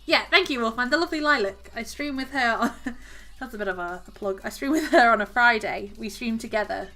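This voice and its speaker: Southern English woman, chatty and giggly, with a sharp, bright tone. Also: fairly high pitch, brisk, faint music behind. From southern England. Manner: chatty, giggly, talks to her cat and reads chat aloud. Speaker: craft streamer. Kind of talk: casual live-stream chat while crocheting.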